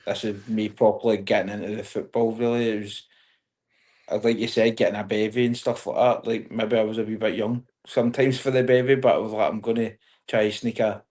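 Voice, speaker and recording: A man's voice: fairly low pitch, a little fast. A young Scottish man, a podcast guest, telling childhood stories in casual chat and acting out what his dad said. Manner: animated storyteller, acts out his dad.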